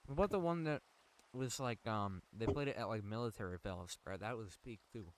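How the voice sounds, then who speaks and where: Teasing young man, lowish voice. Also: brisk. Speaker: podcast co-host. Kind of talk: casual chat.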